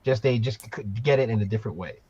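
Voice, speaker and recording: A man's voice: mid-range voice, expressive, fast talker, dark tone, slightly rough. A man co-hosting a casual chat, laid-back, often chiming in to agree. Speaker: podcast co-host. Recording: dull lo-fi audio.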